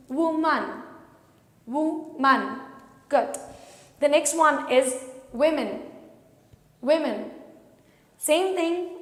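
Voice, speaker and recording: A woman teaching pronunciation, patiently repeating each word for learners to echo. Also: high voice. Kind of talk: slow, drilled pronunciation lesson. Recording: echoey room with long reverb.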